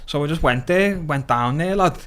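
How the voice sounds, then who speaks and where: Blunt, animated Scouse man in his thirties. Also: a little high, moderate pace. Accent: Liverpool (Scouse). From Liverpool, England. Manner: blunt and animated, swears freely, tags lines with "lad". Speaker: guest, mixed martial arts fighter. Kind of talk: casual podcast chat.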